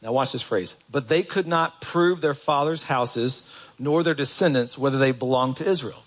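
A man's voice: medium pitch, normal speed. A man preaching a sermon in a church, talking in a conversational way and putting questions to the congregation. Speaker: pastor.

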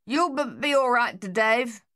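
A man's voice: very high voice, animated, unhurried, bright, forceful tone, no echo, clean studio sound, pitched above the performer's own voice, full character voice. A woman voicing an anxious young male soldier who stutters on the first sounds of words.

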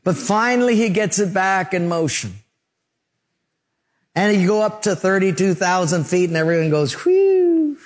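A man preaches in a somewhat high voice. He is an earnest pastor who carries his radio sermon through vivid stories. He leans on repetition to drive home each point. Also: moderate pace. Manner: earnest, storytelling, emphatic repetition.

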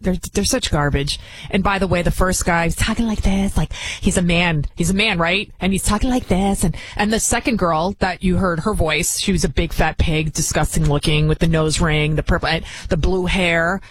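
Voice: mid-range voice, steady tone, normal speed, fairly bright tone, a little hiss or hum, low-quality recording. A commentary show host talking in an indignant, rambling way with many restarts. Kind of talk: opinion commentary.

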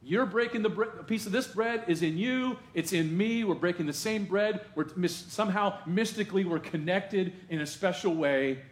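A man preaching a sermon as pastor in a church, conversational and animated, firing off rhetorical questions to the congregation. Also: high-pitched, normal speed, few pauses, reverberant. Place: church sanctuary.

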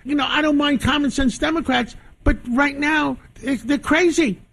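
A man hosts a talk radio show and asks his questions in an eager, rambling way. His voice sits unusually high for a man. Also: normal speed, vocal fry, fairly bright tone.

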